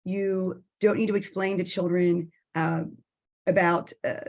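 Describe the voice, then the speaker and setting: A woman's voice: lowish voice, little pitch movement, measured pace, darkish tone. A woman educator patiently explaining early literacy activities for parents over a video call, often breaking into short sung examples.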